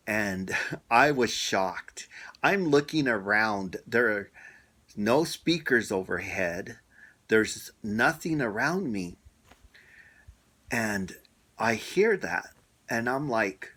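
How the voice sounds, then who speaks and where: A middle-aged man telling a personal story in a reflective, unhurried way, pausing often. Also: fairly low pitch, animated, pushed and bright. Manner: unhurried, reflective, with many pauses and fillers. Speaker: storyteller sharing a personal experience.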